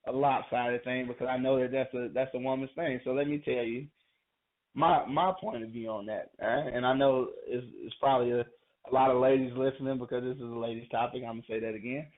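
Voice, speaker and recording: A man's voice: mid-range voice, fairly even intonation, fairly quick. A man co-hosting a call-in podcast, talking casually and repeating himself with frequent laughs. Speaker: podcast co-host. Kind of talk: casual radio talk. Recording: phone-like call-in radio audio.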